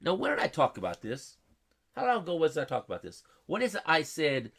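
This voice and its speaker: A man's voice: a little high, huge pitch swings, brisk, gravelly, a bit bright, slightly rough. A man hosting a live weather stream, chatting with viewers in a folksy, repetitive way and quizzing his chat. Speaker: weather livestream host.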